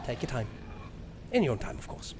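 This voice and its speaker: A man putting on a drowsy, rambling sleep-story narrator, mumbling low. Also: very animated, fairly quick, background noise, close to an everyday voice. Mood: sleepy.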